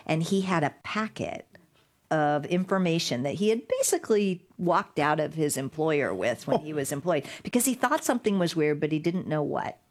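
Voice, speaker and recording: Low-voiced woman telling a story. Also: moderate pace. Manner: animated storyteller, acts out quotes with laughs. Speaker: guest, digital rights lawyer. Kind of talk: conversational storytelling interview.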